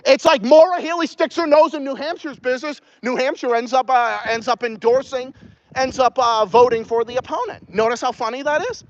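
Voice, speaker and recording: A man's voice: very high-pitched, brisk, no room sound, dull audio. A man from Massachusetts with a New England accent, hosting a podcast outdoors and ranting profanely while answering viewer questions. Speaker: podcast host.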